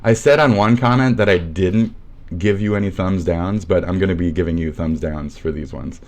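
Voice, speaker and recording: A man's voice: sits low, normal speed. A young man with a Midwestern American accent, a streamer ranting sarcastically and swearing nonstop as he mocks commenters. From Midwest USA. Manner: abrasive, sarcastic, mocking, swears constantly. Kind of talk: profane ranting livestream commentary.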